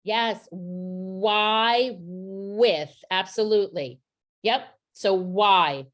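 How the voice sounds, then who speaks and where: A woman's voice: medium pitch, drawn-out words. Woman giving a teacher training talk. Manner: explanatory, checks in with rhetorical "right?". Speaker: literacy trainer presenting to teachers. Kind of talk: professional development presentation.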